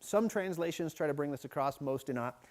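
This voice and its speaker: A man preaching a midweek Bible study sermon, teaching in a conversational way that is often broken by restarts and quick "right?" checks. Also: on the high side, lively intonation, a little mellow. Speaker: pastor. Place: church.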